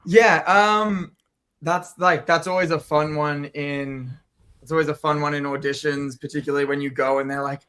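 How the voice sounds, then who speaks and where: A man's voice: fairly high pitch, fairly even intonation, normal speed, pushed and bright, clear, resonant tone. A young man from Australia, an actor, chatting casually as an interview guest, loose and rambling with many fillers and restarts.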